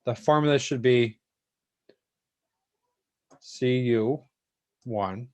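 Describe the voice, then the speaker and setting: A man's voice: mid-range voice, extremely slow. A man teaching a chemistry lesson to an online class, talking casually and thanking students by name.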